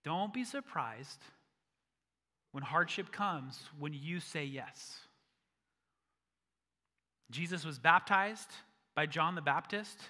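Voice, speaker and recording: A man's voice: a little high, expressive, slow, pauses often, bright, forceful tone. A male pastor preaching a sermon in an earnest way that rises to emphatic peaks. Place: church sanctuary. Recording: long church-hall reverb.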